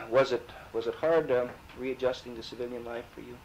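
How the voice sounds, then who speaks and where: A man's voice: medium pitch, fairly even intonation, normal speed, slight background noise, rough recording. A man interviewing a veteran for an oral history, asking short, friendly questions.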